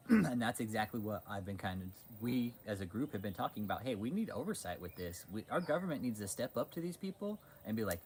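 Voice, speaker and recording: A livestream host reads chat and talks casually, his voice low and brisk over slight background noise. He swears heavily, gets worked up easily, and keeps restarting his sentences.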